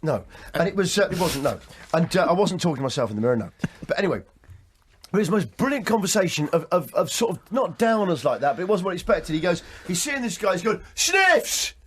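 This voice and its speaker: A man's voice: sits high, lively intonation, quick pace, slight background noise. A man hosting a sports radio show, telling rambling, jokey stories and often repeating his words. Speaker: radio host.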